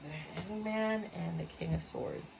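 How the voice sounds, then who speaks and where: A woman's voice: lowish voice, takes it slowly, creaky, background noise. A woman giving a casual tarot reading to her viewers, chatty and blunt, swearing freely and breaking into asides. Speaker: tarot reader.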